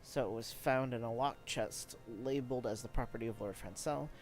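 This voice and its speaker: A man's voice: mid-range voice, soft background music, lightly acted. A man reading as a grave noble knight. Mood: earnest. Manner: formal, measured reading. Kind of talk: reading game dialogue aloud.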